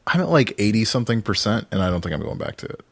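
A man's voice: on the low side, very animated, very fast, gravelly, no echo. A man hosting a casual podcast chat, talking loosely with restarts and plenty of swearing. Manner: rambling, many restarts, swears freely. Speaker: podcast host.

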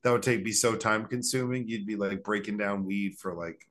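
A man's voice: fairly low pitch, steady tone, normal speed, fairly bright tone. A young man co-hosting a podcast, chatting casually and rambling through silly scenarios with frequent laughs. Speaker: podcast co-host.

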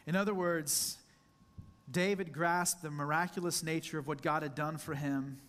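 A male pastor preaching a sermon, earnest and intimate, slowing down to dwell on scripture and addressing the congregation directly. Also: fairly high pitch, steady tone, a bit bright.

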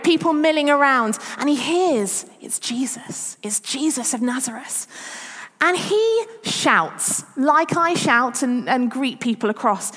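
High-pitched woman, preaching in a church hall, long reverb, chatty and animated. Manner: chatty, self-deprecating, animated retelling. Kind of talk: church talk.

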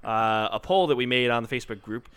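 A young man hosting a casual gaming podcast, chatty and quick, swearing now and then. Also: mid-range voice, animated, fairly bright tone, clear, resonant tone, no room sound. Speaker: podcast host. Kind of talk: casual chat.

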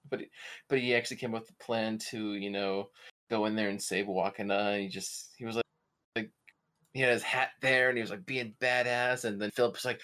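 A man co-hosting a podcast, chatting excitedly about a show, with frequent swearing and halting restarts. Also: medium pitch. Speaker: podcast co-host. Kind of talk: casual excited review chat.

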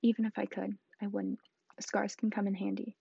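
Dumbledore, a woman doing a calm old wizard. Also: medium pitch, vocal fry, husky, no echo, lo-fi sound, heavily acted. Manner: calm, measured and gently wry. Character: wise, calm old male wizard headmaster. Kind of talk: storybook reading.

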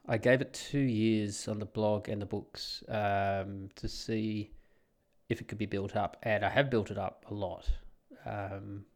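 A man's voice: fairly low pitch, a little mellow. An Australian man talking casually and bluntly on his solo podcast, rambling with sardonic asides. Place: home in the Netherlands.

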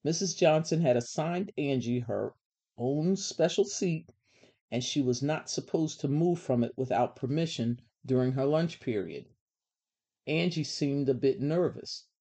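Woman reading a kids' story, calm and gentle, mellow voice. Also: very deep voice, a little slow. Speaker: storybook reader.

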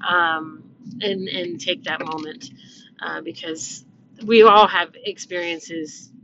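A woman's voice: on the low side, takes it slowly, vocal fry, a bit bright. A middle-aged woman talking casually to her viewers in a chatty, reflective way, with many fillers and restarts. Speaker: vlogger. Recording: slightly dull, faint background noise.

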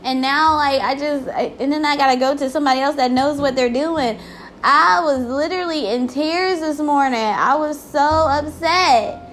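A woman's voice: high-pitched, normal speed, a bit bright, a little hiss or hum. A woman ranting in a casual vlog, exasperated and full of swearing.

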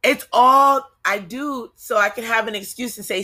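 A woman's voice: fairly high pitch, moderate pace, hardly any pauses, sharp tone. A young woman with a New Jersey accent hosting a solo podcast, talking candidly in a confessional way with frequent ums and restarts. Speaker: podcast host. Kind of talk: casual solo podcast monologue.

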